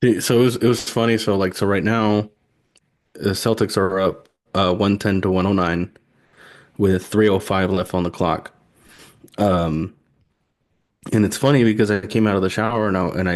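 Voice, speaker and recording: A young man co-hosting a casual sports podcast, telling animated stories and laughing often. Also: sits low, normal speed. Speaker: podcast co-host. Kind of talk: casual chat.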